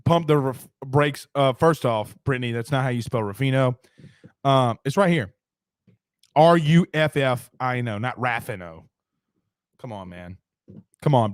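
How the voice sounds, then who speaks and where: A man's voice: a little high, dry recording, clean studio sound. Emphatic man hosting sports talk. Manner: emphatic, rapid, reads viewer comments aloud and ribs his co-host. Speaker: sports podcast host. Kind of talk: casual sports talk show.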